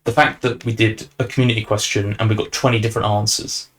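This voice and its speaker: This young man hosts a podcast, talking quickly in a lowish, level voice with a bit of brightness. His casual chat rambles along with fillers and restarts.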